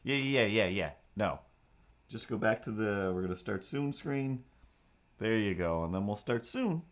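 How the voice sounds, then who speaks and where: Male streamer with a lowish voice, goofy and rambling while setting up, slips into baby talk for his pet. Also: expressive, unhurried. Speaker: livestream host. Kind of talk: casual solo livestream chatter.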